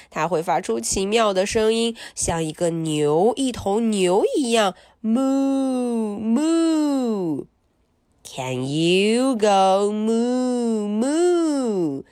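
A woman's voice: a little high, no room sound, studio quality. A woman reading a children's picture book aloud as a storyteller, playfully imitating animal and object sounds.

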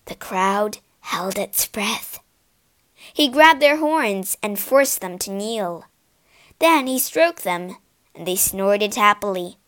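A woman narrating a storybook for English learners, reading slowly, clearly and expressively. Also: medium pitch, expressive, fairly bright tone.

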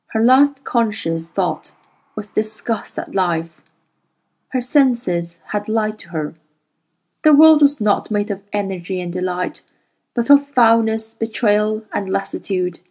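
A woman whose first language is Chinese, reading a fantasy novel aloud in a slow, deliberate storytelling manner. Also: mid-range voice, a little mellow. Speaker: audiobook reader.

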